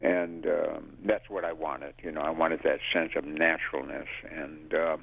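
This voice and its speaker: Brief: older male actor, very low and gravelly, animated anecdotes over a phone line. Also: measured pace, no room sound. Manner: lively storyteller who acts out quotes and laughs. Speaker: actor interviewee. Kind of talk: casual anecdotal interview.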